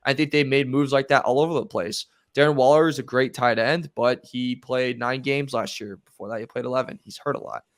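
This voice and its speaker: Man, podcast co-host, casual sports talk, laid-back, mid pitch, dry close sound. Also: fairly even intonation, a little fast, hardly any pauses, no room sound. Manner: laid-back, uses everyday comparisons.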